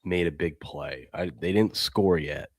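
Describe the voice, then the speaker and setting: Male co-host, very low pitch, dry, casual stream banter, reads chat aloud. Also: a little slow, dry recording. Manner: reads viewer chat aloud, rambling and excitable. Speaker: sports show co-host.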